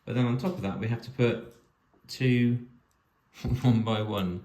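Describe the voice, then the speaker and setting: This man narrates his toy set build casually, step by step, musing aloud with dry humor for a home video. He speaks at a measured pace in a medium pitch with a steady, darkish tone, recorded in an echoey room with faint noise.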